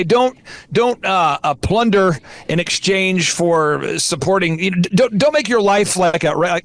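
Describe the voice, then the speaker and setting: Male podcast host, high voice, emphatic preacher-like delivery, dry close mic. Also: no echo. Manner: emphatic, repetitive, exhorting. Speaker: podcast host and business coach. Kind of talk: impassioned preaching-style talk.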